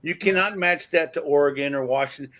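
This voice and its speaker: Male host, folksy and enthusiastic, bright and a bit high. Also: fairly quick. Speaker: host of a live chat show. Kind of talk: casual chat.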